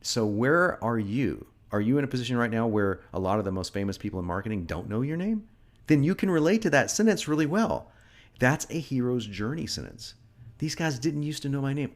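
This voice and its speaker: A middle-aged man teaching marketing, reading lines from his own sales script aloud and critiquing them in a lively way, often chuckling. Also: mid-range voice. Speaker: marketing instructor.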